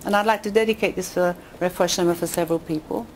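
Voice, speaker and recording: A woman giving an inspirational talk with jokes and stories to a women's audience, her pitch rising on quotes and punchlines. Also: fast talker, noisy background. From England. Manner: lively storyteller who rises in pitch on quotes and punchlines. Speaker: speaker addressing a women's audience. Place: community hall with a live audience.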